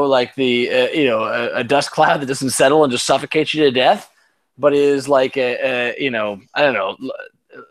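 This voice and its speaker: A tipsy man co-hosting a sports chat, rambling, profane, full of stammered restarts. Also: mid-range voice. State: tipsy from drinking. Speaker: podcast co-host.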